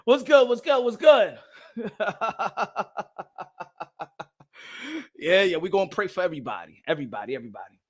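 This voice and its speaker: A man with a high voice is ranting as he hosts a boxing livestream. He is fiery and loud, and he keeps switching between Spanish and English, hammering the same phrases again and again. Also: lively intonation, moderate pace, long pauses. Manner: repeats himself for emphasis. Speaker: boxing channel host. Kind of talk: livestream rant commentary.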